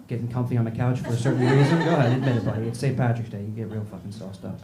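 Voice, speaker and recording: A man's voice: mid-range voice, steady tone, rapid-fire. A man doing a profane stand-up set, riffing with the crowd in a small club. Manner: brash, profane, riffs with the crowd. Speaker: stand-up comedian. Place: small comedy club with audience. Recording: echoey club, noisy live room.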